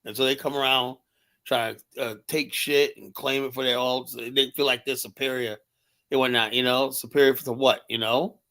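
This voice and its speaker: A man's voice: medium pitch, fairly even intonation, normal speed, bright, forceful tone. An American man hosting a casual talk show, speaking emphatically and often tagging lines with "you know?". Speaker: show host.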